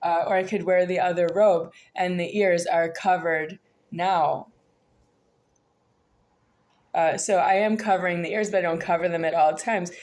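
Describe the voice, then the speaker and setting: An American woman talking to her viewers in a rambling, halting monologue full of hesitations. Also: lowish voice, fairly even intonation, darkish tone. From United States. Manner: halting, disjointed, many hesitations. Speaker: vlogger.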